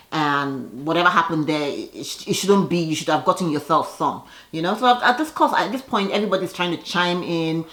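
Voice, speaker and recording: A woman chats through a reality-show recap in a gossipy, animated way, slipping into quick voices for the people she describes. Her voice sits a little low. The sound has a noticeable room echo. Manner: gossipy and animated, voices the cast members in quick asides and laughs. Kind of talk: casual recap commentary.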